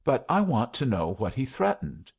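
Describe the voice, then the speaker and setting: A man's voice: medium pitch, very animated, moderate pace, gravelly, a little mellow, slightly rough, lo-fi sound, voice pushed up, heavily acted. A man reading the lines of an anxious, earnest young woman who pleads and reproaches in a story, raising his voice for her.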